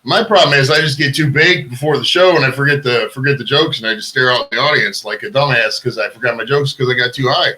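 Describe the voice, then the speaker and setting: A man's voice: mid-range voice, quick pace, few pauses, sharp tone, rough recording. A man hosting a podcast interview, asking loose, chatty questions full of filler words. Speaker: podcast host. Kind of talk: casual interview.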